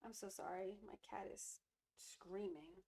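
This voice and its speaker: A woman's voice: steady tone, a little slow, mellow. Chatty giggly woman streaming crafts. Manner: chatty, giggly, apologetic, with many fillers; high coaxing voice when soothing her cat. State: stuffy runny nose. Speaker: resin jewelry streamer. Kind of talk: casual live-stream chat.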